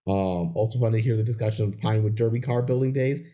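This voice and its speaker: A young man with a low voice co-hosts a podcast in a relaxed, dry, joking way. The recording sounds dull and lo-fi. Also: fast talker. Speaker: podcast co-host. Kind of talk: casual chat.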